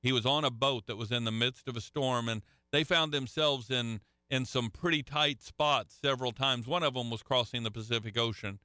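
A man's voice: medium pitch, steady tone, normal speed, few pauses, sharp tone, dry recording, clean studio sound. A middle-aged man preaching a sermon to a live congregation, telling folksy stories and often restarting his sentences. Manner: folksy storytelling with frequent restarts. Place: church hall with a live audience.

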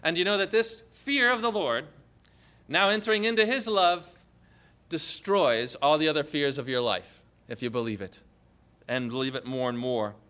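A man preaching a sermon earnestly, quoting scripture and voicing the Lord's words in a lower, softer tone. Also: moderate pace, smooth.

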